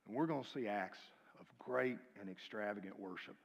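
A man preaching a sermon, swinging from loud, urgent calls to quiet near-whispers and calling on the congregation to repeat his lines. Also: on the low side, a little fast, creaky, dull audio. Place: church sanctuary. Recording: long reverb of a large hall.

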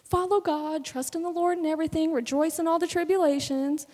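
A woman's voice: high-pitched, fairly even intonation, fairly quick, a little mellow. A woman in her twenties preaching a sermon in a fervent, conversational way, acting out little bits of dialogue. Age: 20s. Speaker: speaker giving a testimony sermon. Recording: long hall reverb.

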